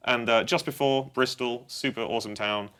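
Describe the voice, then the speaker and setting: A man's voice: medium pitch, steady tone, moderate pace, sharp tone, clear, resonant tone. A man from England with a posh English accent, chatting casually and joking as a guest musician. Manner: chatty, jokey, laughs often. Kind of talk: casual chat.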